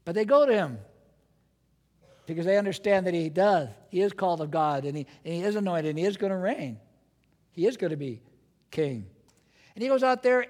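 A man preaches with a high, bright voice, lively and dramatic, firing rhetorical questions at the congregation. His voice rings out with the long reverb of a large church hall. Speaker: pastor. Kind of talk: sermon.

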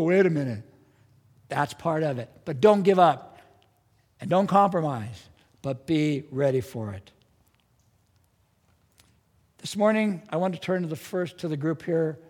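A man preaching a sermon as pastor, earnest and emphatic, with strong rises in his delivery. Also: a little high. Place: church sanctuary. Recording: church hall with long reverb.

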